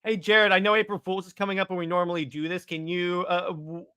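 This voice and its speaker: A man's voice: high-pitched, flat delivery, quick pace, pushed and bright, clear, resonant tone. A man hosting a casual live stream, teasing and needling his co-host playfully.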